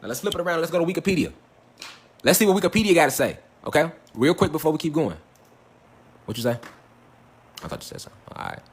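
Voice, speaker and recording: Fast-talking, high-voiced man lecturing. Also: animated, breathy edge. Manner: preachy, repetitive, profane, quizzes listeners. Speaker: online lecturer. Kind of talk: livestream lecture reading from the web.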